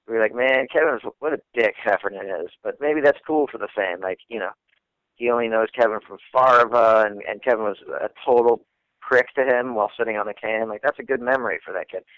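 Comedian guy on a radio show, animated storytelling, muffled dry mic. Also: lowish voice, brisk, dry recording. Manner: animated, swearing, acts out the people in his story. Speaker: guest comedian. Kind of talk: casual storytelling.

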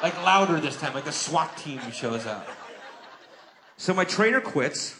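A man doing a stand-up routine, telling a story in a profane way with quick acted-out dialogue. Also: fairly high pitch, animated, background noise. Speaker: stand-up comedian.

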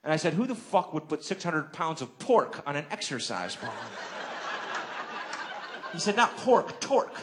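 A man doing a stand-up routine, telling a story in a profane way with quick acted-out dialogue. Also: fairly high pitch, very animated, background noise. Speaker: stand-up comedian.

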